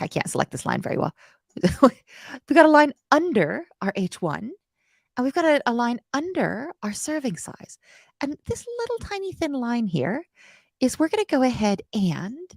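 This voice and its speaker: A woman's voice: fairly high pitch, gravelly, a little mellow, no room sound, clean studio sound. A woman teaching coding on a live stream, chatty and self-deprecating, with playful asides and the odd whisper. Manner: slips into playful quoted voices and whispers.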